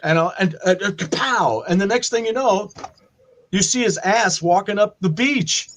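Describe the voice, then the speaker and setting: A man's voice: sits high, moderate pace. A man co-hosting a casual chat show, telling stories animatedly and acting out quotes in other voices. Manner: animated storytelling, acts out quotes. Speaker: podcast co-host.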